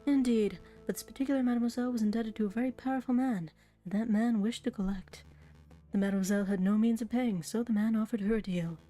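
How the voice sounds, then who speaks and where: A woman voicing a sly male bird investigator who poses as a prince, with a smooth, evasive manner. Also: on the high side, fast talker, dark tone, soft background music, lightly acted. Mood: scheming.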